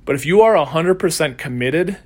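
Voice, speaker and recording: A man's voice: a little high, lively intonation, a little fast. Man hosting a casual solo podcast. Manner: conversational storytelling, acts out quoted voices. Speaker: podcast host and coach.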